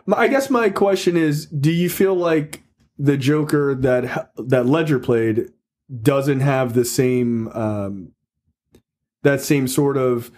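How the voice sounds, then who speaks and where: A man hosting a casual podcast chat. He rambles, circling his points through fillers and restarts. His pitch is average for a man. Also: slow pace, darkish tone. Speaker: podcast host.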